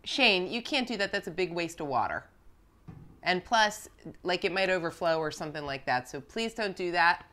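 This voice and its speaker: A woman's voice: fairly low pitch, animated, moderate pace, pushed and bright. A woman, a mother, chatting casually with her family, teasing and laughing often.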